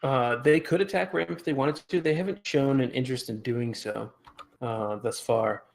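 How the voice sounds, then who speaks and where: A man running a tabletop game as game master, giving relaxed rulings with a dry chuckle. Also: mid-range voice, moderate pace, creaky.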